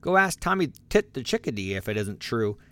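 A man's voice: medium pitch, big pitch swings, a little fast, sharp tone. A man voicing a mischievous male jay bird in a storybook reading, taunting and smug.

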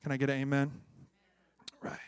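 A man, a pastor preaching a sermon with call-and-response, moving between loud exhortation and hushed tones. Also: mid-range voice, completely flat delivery, normal speed, smooth, no echo, studio quality. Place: church.

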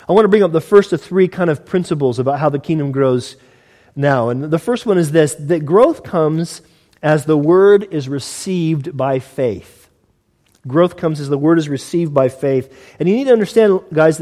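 A male pastor with a high-pitched voice gives a conversational sermon and acts out short everyday scenes. His words carry a long reverb from a large hall. He talks straight to the people in front of him. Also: warm tone.

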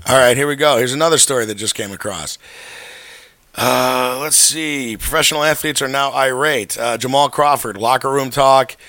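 A man's voice: medium pitch, steady tone, normal speed, sharp tone, dry recording. A man co-hosting a casual podcast, reading news stories aloud and throwing in offhand asides. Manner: reads headlines with offhand asides. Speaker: podcast co-host.

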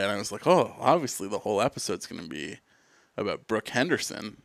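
A man's voice: on the low side, animated, quick pace, gravelly, no room sound, clean studio sound. A man co-hosting a casual sports podcast, joking sarcastically and leading into segments. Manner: jokey, sarcastic, introduces segments. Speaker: podcast co-host. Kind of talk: casual chat.

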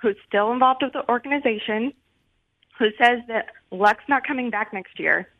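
A woman's voice: on the high side, normal speed. Coy woman caller on a muffled line. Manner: coy, secretive. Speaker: radio caller.

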